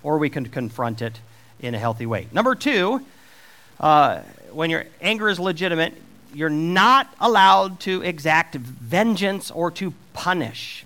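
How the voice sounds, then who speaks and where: A man's voice: a little high, lively intonation, a little slow, sharp tone. A middle-aged man preaching a sermon, taking on God's voice for the scripture questions with rising emphasis.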